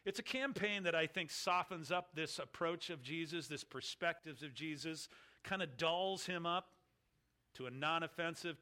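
A man preaching a sermon, reading scripture and then expounding it slowly with emphatic, falling phrase ends. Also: a little high, bright, forceful tone, clear, resonant tone. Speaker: pastor.

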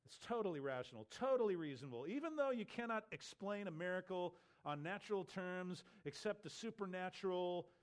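A male Bible teacher walks through scripture verse by verse. His voice sits a little high, and he puts weight on his points with frequent rhetorical questions. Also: lively intonation, a little fast, hardly any pauses. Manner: emphatic, rhetorical questions to listeners.

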